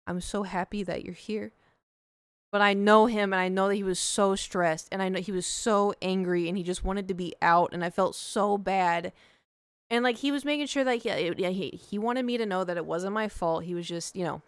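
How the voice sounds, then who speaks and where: A woman's voice: medium pitch, a little fast, clear, resonant tone, dry recording. A young woman, chatting casually as a streamer and telling a story with lots of quoted dialogue.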